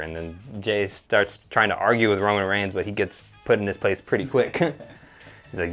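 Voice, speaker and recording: A man's voice: low voice, normal speed, fairly bright tone, faint music behind. A man co-hosting a casual recap chat, laid-back with chuckling asides. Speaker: podcast co-host.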